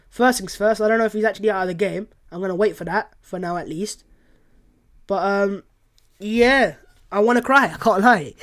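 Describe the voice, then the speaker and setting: A young man hosting a casual live watchalong stream, reading chat and reacting in an exasperated, emotional way, often repeating himself. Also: high-pitched.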